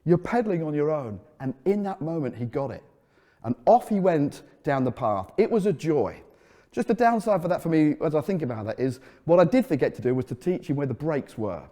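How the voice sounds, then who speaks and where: A middle-aged man preaching a sermon as a pastor, telling stories and dropping into a soft, earnest tone. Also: fairly high pitch, very animated, brisk. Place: church. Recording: echoey hall. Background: long hall reverb.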